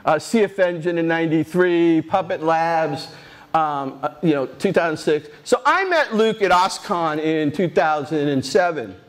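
A man in his sixties giving a rambling, animated talk at a tech conference, telling stories with many restarts and asides. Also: a little high, unhurried. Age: 60s. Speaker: conference speaker. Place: conference stage.

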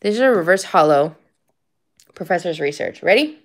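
A woman's voice: fairly low pitch, animated, normal speed. A woman in her fifties streaming card-pack openings, chatty and gushing, shrieking with joy at big pulls. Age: 50s.

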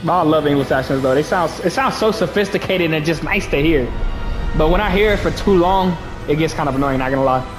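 Young guy joking through a game walkthrough, slangy and hyped, bit high voice, game music under him. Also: fast. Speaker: gaming streamer. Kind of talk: game commentary.

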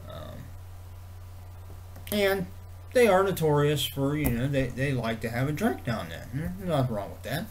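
A man vlogging in a rambling casual way, swearing freely and filling pauses with ums and you-knows. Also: on the high side, big pitch swings. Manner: rambling, profane, many fillers and restarts. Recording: faint background noise.

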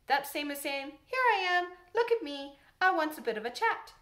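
A woman's voice: high-pitched, sing-song, a bit bright, pitched above the performer's own voice. A woman doing a cheery country boy. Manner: quick, easy, good-humoured.

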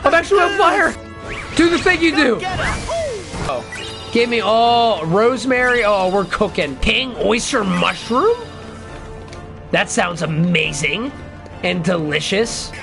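A high-voiced woman gushes through her game stream, her pitch leaping all over as she laughs and exclaims. She draws out her words, and game music plays clearly behind her. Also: slow, long pauses. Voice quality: high, lively voice that jumps into shouts and laughs. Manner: gushing and giddy, laughing at herself. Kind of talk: excited gameplay commentary.

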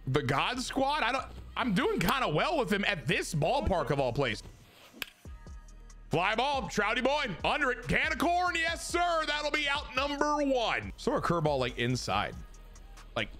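Hyped, high-voiced man calling his own game. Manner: excitable, swings from hyped shouting to muttered grumbling. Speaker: gaming YouTuber. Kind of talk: live gameplay commentary.

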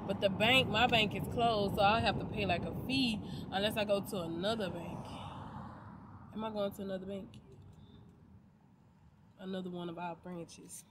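A woman's voice: medium pitch, steady tone, normal speed, long pauses. A young woman vlogging from her car, chatting casually in a rambling, chatty way and swearing now and then. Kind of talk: casual vlog chat. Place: inside a car. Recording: loud car and road noise.

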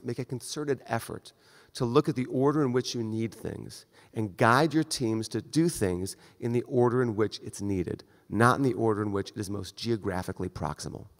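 A male surgeon giving a conference lecture in a direct, conversational way. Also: fairly low pitch. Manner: conversational, direct, acts out brief exchanges. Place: lecture hall. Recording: long reverb of a lecture hall.

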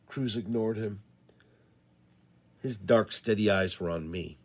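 A male audiobook reader telling a first-person western story. He reads in a measured, deliberate way, slow and unhurried, his voice on the low side.

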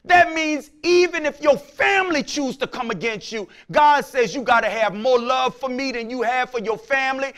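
A man preaching a sermon as pastor, with impassioned shouting of scripture and repeated "Praise the Lord" between points, sometimes dropping into a quiet prayer voice. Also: animated, normal speed. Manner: drops to a low, quiet prayer voice at times.

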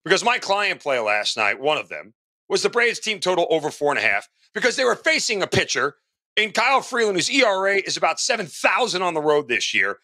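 A man co-hosts a sports betting show and rants about his picks in a lively, sharply bright voice that swings high and low. His exasperated, profane tirades keep coming back to "okay?", heard dry and close to the mic. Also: brisk, no echo. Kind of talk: ranting sports betting talk.

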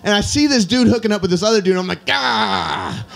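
A young man performing a stand-up set, telling animated stories with acted-out quotes. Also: high-pitched, very fast, gravelly. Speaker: stand-up comedian.

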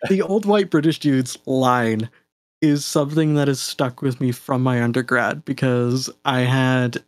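A Canadian man talks casually as a guest, rambling a little with fillers, restarts and small laughs. His voice sits at an ordinary middle pitch. The sound is dry and close, with no room around it. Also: measured pace, no echo. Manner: chatty, laughs often, many fillers and restarts. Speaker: guest game designer. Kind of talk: casual fireside chat.

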